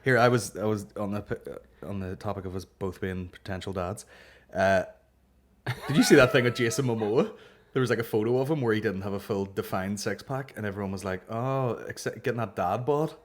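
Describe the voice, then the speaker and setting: A man's voice: on the low side, fairly quick. An Irish man guesting on a comedy podcast, chatting casually and profanely, often trailing off. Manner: laid-back and profane, trailing off.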